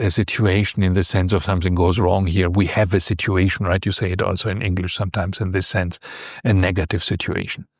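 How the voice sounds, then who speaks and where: A man with a fairly low voice walks through vocabulary as a language teacher, patient and explanatory, often checking in with a quick "right?". The sound is dry and close, with no room around it. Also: dry recording. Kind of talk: explaining vocabulary from a news text.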